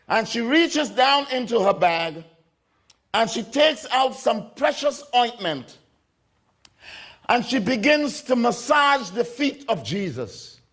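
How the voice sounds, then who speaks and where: High-voiced male preacher telling a story. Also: fairly bright tone. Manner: storytelling preacher, repeats phrases, acts out voices of figures. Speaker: pastor. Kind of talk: sermon.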